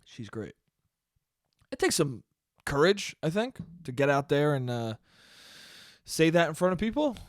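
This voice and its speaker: A man with a high speaking voice hosts his own podcast, rambling through a profane, loose comic monologue and laughing often. The sound is dry and close. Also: very animated, measured pace, long pauses, no echo. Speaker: podcast host.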